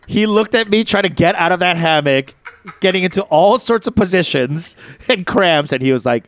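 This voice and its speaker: A man in his thirties, a podcast co-host, spins comic stories with a swooping, lively pitch that keeps rising and falling. He sits a little higher than most men and slips into shrill, campy voices whenever he quotes someone. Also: moderate pace. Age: 30s. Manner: animated, campy, jumps into high put-on voices for quotes. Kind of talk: casual comedic storytelling.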